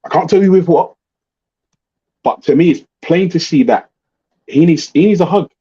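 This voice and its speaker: A man's voice: a little high, normal speed, husky. A middle-aged man hosting a livestream, talking bluntly and swearing as he tells stories. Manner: blunt, swearing, animated storytelling. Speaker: livestream host. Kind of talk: casual ranting chat. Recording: muffled lo-fi livestream audio.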